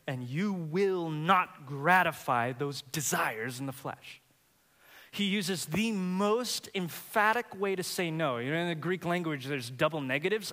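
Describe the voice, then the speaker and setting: A man's voice: on the high side, fairly bright tone, in a large hall. A man preaching a sermon as a pastor, emphatic and building in intensity as he teaches from scripture.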